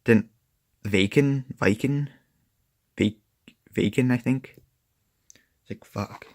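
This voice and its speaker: A young man with a low, gravelly voice rambles through a comic review, swearing freely and tossing in "like" every few words. The sound is close and dry. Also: slow, dry recording. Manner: rambling, profane, filler-heavy. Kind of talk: casual review chat.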